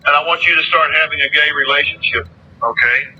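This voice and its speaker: A man's voice: a little high, fairly quick, sharp tone, highs cut off, slight background noise. A man in a heated argument, insulting and taunting, repeating his jabs.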